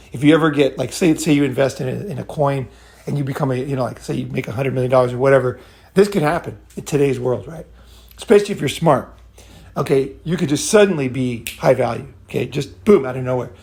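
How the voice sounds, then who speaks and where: A man's voice: medium pitch, creaky, a little mellow. A man hosting his own channel, talking in a loose, rambling monologue full of swearing and constant "right?" and "okay?" check-ins. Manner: rambling and blunt, swears freely, keeps asking "right?" and "okay?". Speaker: channel host giving dating advice. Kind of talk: casual monologue.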